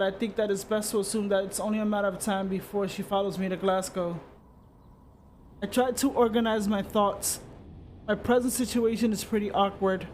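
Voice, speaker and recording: A man reading the narration of a story game aloud, steady, with small slips and restarts. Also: high voice, a little hiss or hum. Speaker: streamer.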